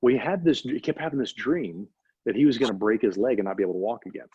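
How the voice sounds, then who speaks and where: A man's voice: mid-range voice, expressive, quick pace, warm tone, husky, no echo. A man, a doctor being interviewed, telling a story with emphatic repetition. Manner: emphatic, repeats for effect. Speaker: guest, doctor. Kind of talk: animated storytelling in conversation. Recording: dull lo-fi audio.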